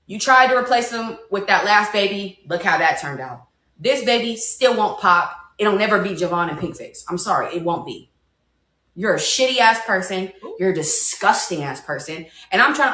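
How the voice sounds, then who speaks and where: A woman's voice: mid-range voice, bright, forceful tone, roomy sound. A woman in an angry, defiant rant as a mother, hurling insults. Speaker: mother responding in a clip.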